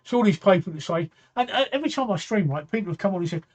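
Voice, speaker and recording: A man's voice: high voice, lively intonation, rapid-fire. Sixty-something man, chatty streamer. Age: 60s. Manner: rambling, repeats phrases, answers viewer comments. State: tired, yawning late at night. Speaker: talk show host. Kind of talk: casual live-stream chat.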